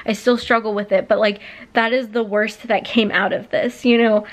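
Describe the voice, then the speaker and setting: A woman's voice: medium pitch, little pitch movement, moderate pace. A woman in her late twenties telling a personal story on her vlog, rambling with many fillers and close to tears. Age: late 20s. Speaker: vlogger.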